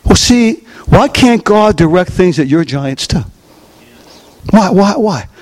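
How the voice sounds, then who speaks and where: A man preaching a sermon, animated and questioning his congregation as he acts out scenes. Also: high-pitched, slow. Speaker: pastor.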